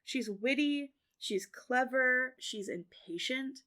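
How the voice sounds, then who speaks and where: A woman guest on a book podcast, animated and quick, laughing easily. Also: high-pitched. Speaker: guest reader. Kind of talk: casual book discussion.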